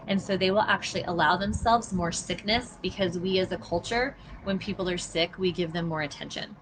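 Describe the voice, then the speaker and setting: A woman's voice: lowish voice, steady tone, brisk, hardly any pauses, background noise. A middle-aged woman giving a casual live teaching talk, earnest and emphatic, speaking straight to her listeners. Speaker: body mapping teacher. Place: outdoors near traffic.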